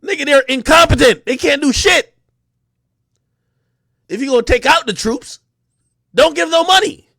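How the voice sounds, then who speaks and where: A man hosting an unscripted livestream, talking in an animated, profane way and mocking people with quick impressions. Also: extremely high pitch, vocal fry, no echo, clean studio sound. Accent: New York. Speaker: livestream host.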